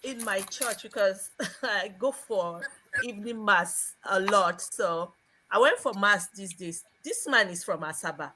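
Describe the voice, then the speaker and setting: A woman's voice: medium pitch, expressive, a little slow, pushed and bright, rough recording. A woman from Nigeria, a panelist on a live show, telling a personal story expressively and laughing along the way. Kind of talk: casual storytelling.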